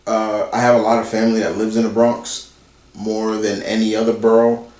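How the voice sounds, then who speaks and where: A man's voice: fairly low pitch, completely flat delivery, normal speed, darkish tone. A man, a YouTuber casually answering viewer questions in a rambling, conversational way, talking straight to his audience. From New York area. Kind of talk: casual Q&A vlog. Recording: roomy echo, distant from the mic.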